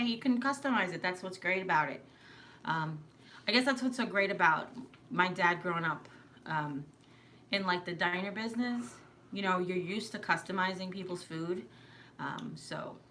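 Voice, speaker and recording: A woman's voice: fairly low pitch, pushed and bright, slight background noise. A middle-aged woman from New York hosting a casual live stream, chatty and rambling, laughing often. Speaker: live stream host, mother.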